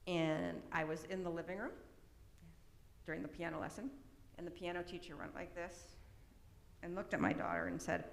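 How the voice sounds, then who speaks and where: A woman's voice: lowish voice, fairly even intonation, moderate pace, vocal fry, a little hiss or hum. Woman lecturing in an echoey hall. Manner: conversational, frequent tag questions. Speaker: presenter. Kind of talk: autism awareness talk. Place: church hall. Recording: echoey hall, long reverb.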